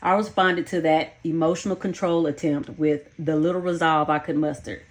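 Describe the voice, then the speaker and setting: Female memoir narrator, lower-pitched, blunt and candid delivery. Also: steady tone, moderate pace. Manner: frank, blunt, swears freely. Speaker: audiobook narrator. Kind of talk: first-person memoir narration.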